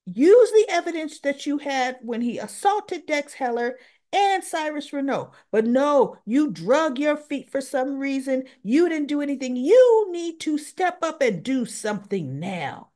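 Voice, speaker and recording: A woman's voice: sits high, big pitch swings, measured pace, dark tone, pitched above the performer's own voice. A woman voicing an indignant young woman prosecutor who talks in an insistent, pushy way.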